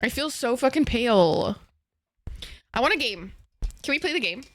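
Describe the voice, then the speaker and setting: A woman's voice: fairly high pitch, lively intonation, moderate pace, fairly bright tone, no room sound, studio quality. A young woman from Egypt streaming a game and chatting casually with viewers, playful and giggly, swearing freely and using slang.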